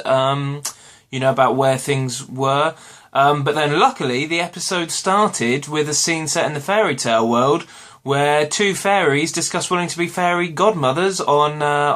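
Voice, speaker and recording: A man's voice: fairly high pitch, a bit bright. A British man reviewing a TV episode in a casual vlog at home, rambling and correcting himself with lots of ums and uhs. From Britain. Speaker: vlogger. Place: home room with washing hung behind.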